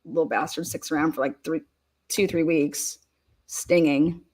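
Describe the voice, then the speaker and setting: A woman's voice: deep voice, steady tone, a little slow, darkish tone, husky. Chatty woman hosting a livestream. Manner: chatty, giggly, talks to her viewers. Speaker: livestream host. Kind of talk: casual chat over a courtroom livestream.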